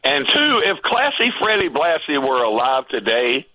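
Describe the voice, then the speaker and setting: Male caller with a husky, bright voice and a hesitant delivery. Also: on the high side, wildly swooping pitch, moderate pace, poor audio. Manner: hesitant, with many uhs and ums. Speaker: radio caller and game contestant. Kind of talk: casual phone call.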